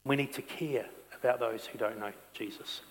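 A male pastor preaching a sermon. He swings between loud, emphatic stretches and quiet, intense ones. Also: medium pitch, normal speed, in a large hall. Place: church sanctuary.

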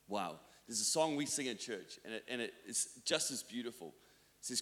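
A man's voice: medium pitch, big pitch swings, normal speed, sharp tone. A male pastor from New Zealand preaching a sermon, telling stories in a conversational, self-deprecating way with many restarts. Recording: long reverb of a church hall.

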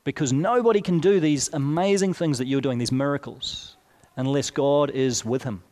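A man's voice: medium pitch, moderate pace, darkish tone. A man preaching a sermon in a conversational, explanatory way, with asides and rhetorical questions. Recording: long hall reverb.

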